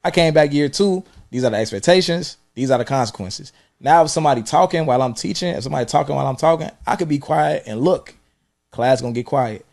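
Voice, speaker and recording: Laid-back former teacher with AAVE. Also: male voice, a little high, fast, creaky. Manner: relaxed, storytelling, acts out yelling. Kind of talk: casual podcast chat.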